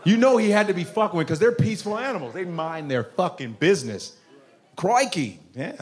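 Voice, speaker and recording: A man doing a profane stand-up comedy routine, animated, often bursting into shouts. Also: high voice, brisk.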